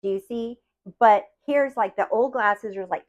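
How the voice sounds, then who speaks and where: A fairly high-voiced woman coaching her viewers in an animated motivational talk. She keeps asking whether they see her point. Her voice rises and drops sharply as she acts out quoted lines. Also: normal speed. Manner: acts out quotes with big swings in pitch and loudness. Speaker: manifestation coach.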